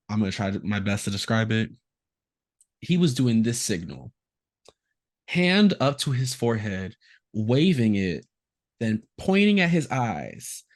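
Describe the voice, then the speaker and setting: A man hosting a casual podcast, telling a story and acting out the quotes in it. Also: on the low side. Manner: animated storyteller, acts out quotes. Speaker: podcast host.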